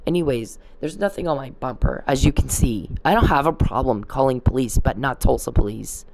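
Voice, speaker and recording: A woman's voice: very deep voice, animated, fairly quick, vocal fry, a little mellow, no room sound. A woman vlogging in a rambling, indignant to-camera rant, swearing freely.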